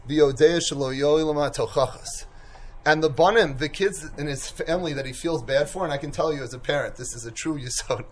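Acting as a yeshiva mashgiach, a high-voiced man gives a Torah lecture, with Hebrew and Yiddish terms running throughout. His manner is animated, swinging from loud emphasis on key points to soft, quiet asides.

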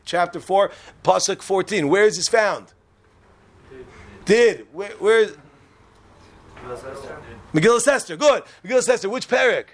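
A man teaching a religious class to students, lively and quick, acting out quoted speakers and firing questions at his listeners. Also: sits high. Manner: animated, quick, acts out quotes and quizzes listeners.

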